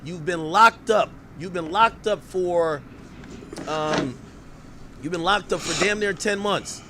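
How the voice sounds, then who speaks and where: A man hosting a podcast, giving loud, profane reaction commentary that at times turns to shouting. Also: high voice, slow, slight background noise. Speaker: podcast host.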